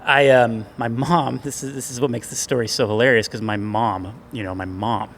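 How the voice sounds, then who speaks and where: Animated man telling a self-deprecating story. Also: medium pitch, moderate pace, vocal fry, a little hiss or hum. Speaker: podcast co-host. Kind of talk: casual storytelling chat.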